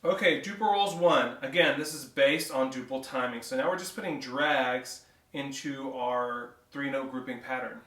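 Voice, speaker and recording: A man's voice: mid-range voice, moderate pace. A male drumline instructor explaining snare rudiments and counting rhythms aloud between demonstrations. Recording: roomy echo, distant mic, loud clatter.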